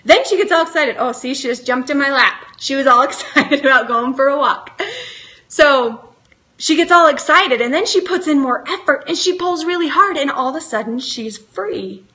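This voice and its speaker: Speaking live to camera at a moderate pace, a middle-aged motivational speaker coaches her audience along with earnest questions. She has a high, bright voice and a forceful tone.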